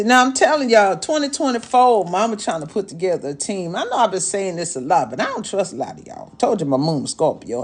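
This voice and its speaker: A woman's voice: medium pitch, a little mellow. Sassy mama-type woman chatting on a live stream, voice swoops all over, calls everybody baby. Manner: sassy, motherly, calls viewers "babies" and "y'all", scolds and teases; talks as an elder mama persona. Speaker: livestream host and astrologer. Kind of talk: casual live-stream chat to viewers.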